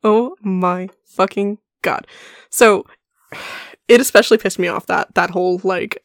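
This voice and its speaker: A woman's voice: medium pitch, steady tone, measured pace, no echo, studio quality. A woman co-hosting a podcast, chatting casually and mockingly about a book, laughing often and swearing. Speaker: podcast co-host. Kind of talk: casual book-discussion chat.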